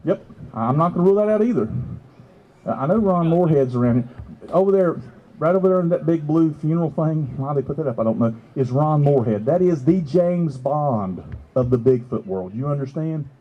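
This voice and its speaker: A man telling an animated story to an outdoor festival crowd, excitable and laughing. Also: normal speed, muffled recording. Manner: excitable, laughing, leaps to high exclamations. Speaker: festival speaker. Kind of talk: animated storytelling to a live audience.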